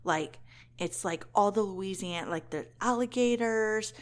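New mom on a podcast, chatty, emotional, says like a lot. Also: female voice, mid-range voice, a little slow. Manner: chatty, emotional, frequent "like" and "um" fillers. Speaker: podcast co-host. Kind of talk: casual chat.

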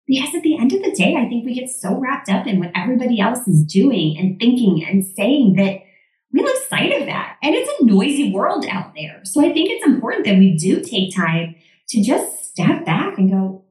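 Bright, animated woman in an echoey room. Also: fairly high pitch, moderate pace. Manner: lively and upbeat, quotes her own inner talk. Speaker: podcast guest, mom and business founder. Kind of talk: casual chat. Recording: echoey room, distant from the mic.

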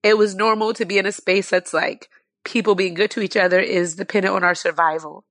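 A woman guest telling an emotional personal story, impassioned and near tears, with many fillers and halting restarts. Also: medium pitch, steady tone, fairly bright tone, no echo.

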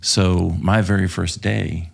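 A man's voice: deep voice, steady tone, slow, vocal fry. A man from Texas, telling war stories as a podcast guest, swearing freely and rambling with lots of fillers. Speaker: podcast guest, former police officer. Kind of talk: casual storytelling interview.

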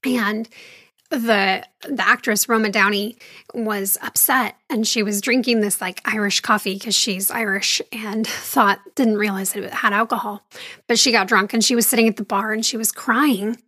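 A woman's voice: mid-range voice, fairly even intonation, normal speed, bright, forceful tone, no echo, clean studio sound. A woman telling a candid personal story about her faith in a conversational monologue, with wry asides and the occasional sigh. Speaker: speaker sharing her faith journey.

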